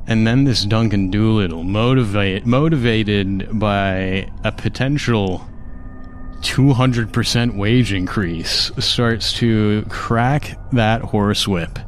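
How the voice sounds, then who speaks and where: A man narrating a tabletop role-playing game as game master, in slow, measured storytelling. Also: lowish voice, slight background noise.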